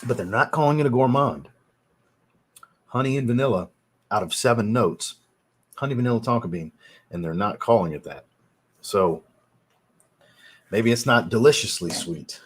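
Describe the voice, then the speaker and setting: A man with a husky, slightly breathy voice talks casually into a desk mic during a livestream. He thinks out loud, unsure at times, and answers viewers' chat messages between his own thoughts. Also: mid-range voice, expressive, normal speed, long pauses. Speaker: fragrance livestream host.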